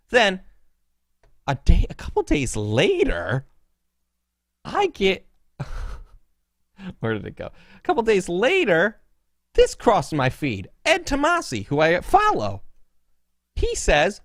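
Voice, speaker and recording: Male podcast host, lively pitch, often laughing, dry close mic. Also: takes it slowly, long pauses, dry recording. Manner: laughs often, excitable and mocking. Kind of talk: casual podcast chat. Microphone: podcast mic with cord.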